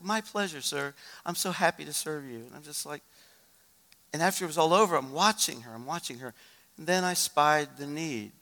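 A male pastor preaching a sermon, moving from loud urgent exhortation to a quiet, hushed story. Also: mid-range voice, long reverb tail.

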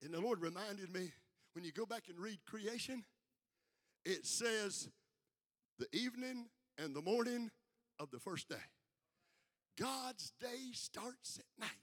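An older man preaches with a very high, bright, cutting voice. He moves from quiet, personal asides to shouted peaks and calls for answers from the room. The sound carries a long reverb. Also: animated, unhurried, long pauses. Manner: fiery call-and-response preaching with shouted peaks. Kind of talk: sermon. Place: church sanctuary with congregation. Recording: live hall with long reverb.

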